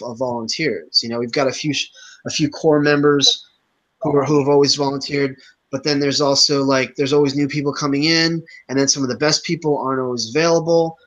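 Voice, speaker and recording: A man chairs a casual online meeting in a bright, ringing voice. He hesitates often, restarting phrases and leaning on fillers. The sound comes through a video call. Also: medium pitch, low-quality recording. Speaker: chapter organizer leading an online meeting.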